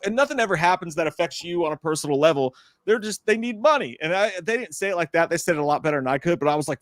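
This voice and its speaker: Young male co-host, animated ranting voice, dry close mic. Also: high voice, rapid-fire, no echo. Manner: lively, rants, swears. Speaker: podcast co-host. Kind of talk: casual profane chat.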